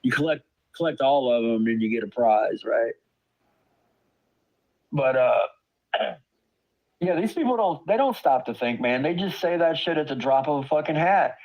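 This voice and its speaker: This man's mid-range voice is animated, with a measured pace and frequent pauses, over lo-fi sound. He is a father ranting angrily to his stream about online drama, swearing hard and stammering in disbelief.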